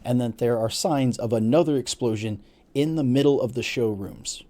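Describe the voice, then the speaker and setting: A man narrating a tabletop role-playing game as game master, casual and halting, with many fillers. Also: medium pitch, mellow.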